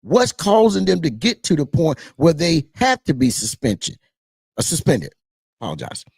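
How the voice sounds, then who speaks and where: A man with a Southern US twang talks politics straight to camera, preaching and repeating his points to the viewers he calls y'all. His voice is gravelly and fairly high, and his pitch swings widely. The sound is dry and close. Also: big pitch swings, moderate pace, darkish tone, dry recording. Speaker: political talk show host. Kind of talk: casual political commentary to camera.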